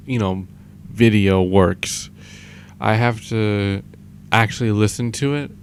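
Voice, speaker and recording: A young man talking in a downcast, halting, self-deprecating way in a confessional audio diary. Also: fairly low pitch, slight background noise. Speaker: vlogger.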